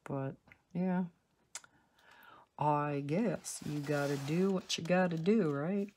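A woman's voice: low-pitched, takes it slowly, darkish tone, slight background noise. A woman hosting a coloring channel, chatting casually and rambling through asides while she colors at home. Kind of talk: casual color-along chat. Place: home, indoors.

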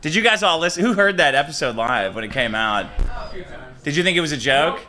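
A man's voice: fairly high pitch, animated, a little fast, bright, forceful tone. A man trading sarcastic jokes on a live comedy podcast. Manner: joking, sarcastic. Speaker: podcast guest. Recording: live show with crowd noise. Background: live audience.

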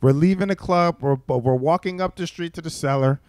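Lively, slightly high comedian. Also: male voice, a little fast, no echo, studio quality. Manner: animated storyteller, acts out quoted voices. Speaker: stand-up comedian guest. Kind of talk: casual storytelling chat. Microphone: studio mic.

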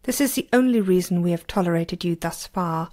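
Crisp sharp-tongued young girl disciple, read by a woman, cool and cutting, storybook reading. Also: lowish voice, a little fast, natural voice.

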